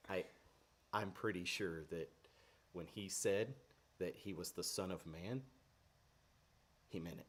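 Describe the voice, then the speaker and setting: A man teaches a devotional in a relaxed, conversational way. He speaks earnestly, often pausing with fillers and restarting phrases. His voice sits somewhat low.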